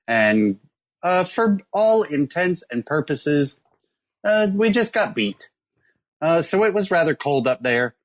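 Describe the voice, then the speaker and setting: A man's voice: fairly high pitch, sing-song, slow. A man co-hosting a casual podcast, telling a rambling story about a beer with lots of ums and uhs. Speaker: podcast co-host presenting a beer. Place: calling in from abroad.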